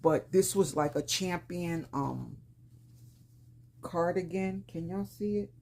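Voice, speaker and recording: A woman in her fifties from Brooklyn, New York, with a Brooklyn accent and a rough, slightly raspy voice, chatting casually to viewers about a shopping haul in a plain-spoken way with slang. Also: on the low side, slow, a little mellow, slight background noise. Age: 50s. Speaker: lifestyle vlogger.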